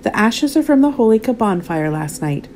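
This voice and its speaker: A bold, bossy young girl from a storybook, as a woman reading aloud puts her on. She speaks high and full of energy, and her voice rises and falls widely. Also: sing-song, moderate pace, a little mellow, slight background noise.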